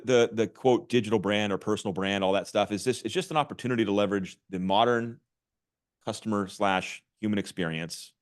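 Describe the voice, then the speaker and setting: Middle-aged male guest, low voice, lively and restless delivery with many restarts. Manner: animated, restarts often with repeated words. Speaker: podcast guest, author and marketing executive. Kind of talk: casual interview talk.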